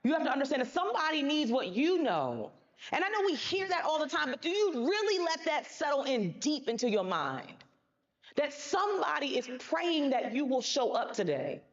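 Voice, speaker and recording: A woman's voice: high voice, sing-song, normal speed, dull audio. Emphatic woman speaker on a stage. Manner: emphatic, colloquial, addresses the audience directly. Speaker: motivational speaker. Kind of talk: motivational stage speech. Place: conference stage.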